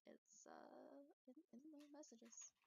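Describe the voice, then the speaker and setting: A young woman playing a tabletop game with friends, blunt and quick to swear. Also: high voice, fairly even intonation, vocal fry, dark tone. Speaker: player.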